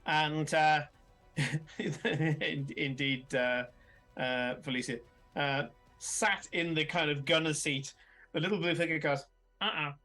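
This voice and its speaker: A man's voice: on the high side, fairly even intonation, slow, sharp tone, faint music behind. A man running a tabletop game as game master, narrating casually with many fillers and chuckles.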